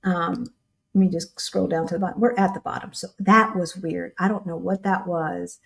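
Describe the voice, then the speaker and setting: An American woman from the United States co-hosts a casual livestream with her partner, chatting and answering viewer questions. Her voice is on the low side with vocal fry, a steady tone, a slightly bright quality, and normal speed.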